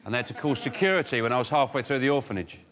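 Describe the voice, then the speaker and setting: A man's voice: mid-range voice, racing. A man hosting a comedy panel show, teasing and bantering with the audience. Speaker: show host. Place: studio with live audience. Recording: loud laughing crowd, noisy.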